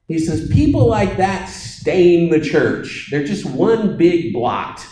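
Slow, animated male preacher. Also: sits high, reverberant, poor audio. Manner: storytelling with acted-out voices, dramatic pauses. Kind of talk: sermon.

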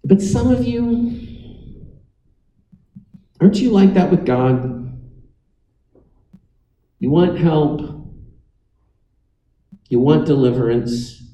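Man, pastor, sermon, unhurried delivery, wry humor, roomy echo. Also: fairly high pitch, expressive, dark tone, distant mic, dull audio.

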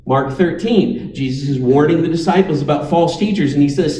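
A man preaching a sermon with emphatic, dramatic pauses, now and then inviting listeners to repeat after him. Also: fairly high pitch, dark tone, echoey room, far from the mic, low-quality recording.

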